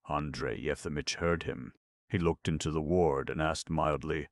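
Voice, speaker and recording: Brief: male audiobook narrator, extremely low voice with fry, dry close sound. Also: fairly even intonation, normal speed, no room sound. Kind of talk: scripted narration.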